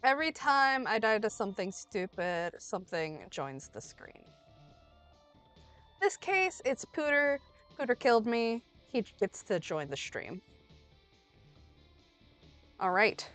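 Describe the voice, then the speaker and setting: A young woman streaming a game and chatting casually, rambling and playful, with sudden loud outbursts, while she is under the weather. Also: fairly high pitch, big pitch swings, slow pace, pauses often. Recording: faint music behind.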